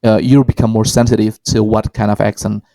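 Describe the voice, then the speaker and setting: Guy co-hosting a learning chat, hesitant, dark mellow voice, dry close sound. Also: lowish voice, flat delivery, fairly quick, no room sound, rough recording. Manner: hesitant, many ums and restarts, models example phrases. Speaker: podcast co-host. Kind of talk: casual educational chat.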